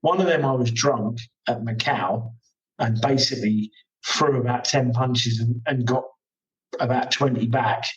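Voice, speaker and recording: A man's voice: mid-range voice, unhurried, recorded from a distance, highs cut off. A man, a motorcycle racer guesting on a podcast, telling stories in casual chat and acting out the exchanges he quotes. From England. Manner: animated storyteller, acts out quoted exchanges.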